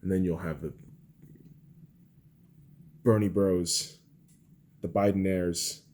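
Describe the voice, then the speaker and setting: A young man hosting a podcast, delivering an angry, profane political rant that swings between shouting and low muttering. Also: steady tone, takes it slowly. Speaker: podcast host.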